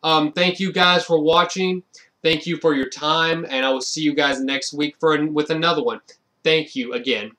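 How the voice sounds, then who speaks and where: A man's voice: fairly high pitch, fairly even intonation, normal speed, bright, forceful tone. A man giving a casual, rambling film review, with lots of fillers and restarts and frequent amused laughs.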